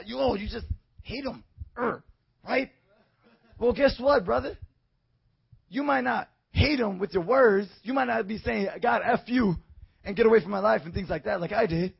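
Fervent high-voiced, gravelly male preacher. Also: dull audio. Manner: fervent, swings from low storytelling to shouting praise. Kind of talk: evangelistic sermon.

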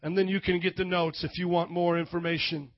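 A man preaching a lively sermon in a church, shifting between loud shouts and quiet passages. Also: high voice, a little fast, dry recording, muffled recording. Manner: energetic, swings from shouting to hushed. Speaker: pastor.

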